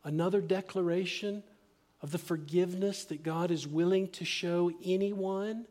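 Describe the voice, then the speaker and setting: A middle-aged man preaching a sermon as pastor, earnest and emphatic, often dropping to a hushed, slow delivery. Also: sits high, steady tone.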